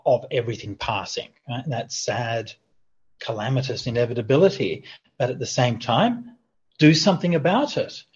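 A man, a Buddhist monk, answering questions in an online sutta class, relaxed and chatty with light humor. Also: mid-range voice, breathy edge. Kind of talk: online teaching Q&A. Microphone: video call. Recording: dull lo-fi video call audio.

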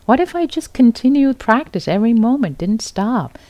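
A middle-aged woman giving a gentle, repetitive dharma talk as a meditation teacher at a retreat center. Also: fairly high pitch, sing-song, moderate pace, dry recording.

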